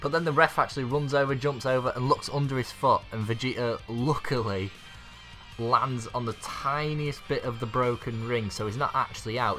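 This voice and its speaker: This YouTube anime reviewer has a bright, forceful voice at medium pitch. His recap of an anime episode is loose and rambling, packed with filler words, and he laughs softly often as he goes.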